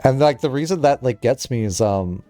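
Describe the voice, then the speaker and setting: Giggly young man with lively pitch. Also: normal speed, faint music behind. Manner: giggly, rambling, lots of "like". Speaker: streamer. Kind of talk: casual live-stream chat.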